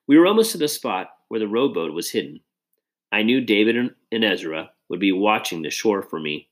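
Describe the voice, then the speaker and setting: A man reads a children's adventure novel aloud in the first person. His delivery is animated, with a widely varied pitch, and he voices the characters' dialogue as he goes. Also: a little fast. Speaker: narrator. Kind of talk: audiobook reading of a children's novel.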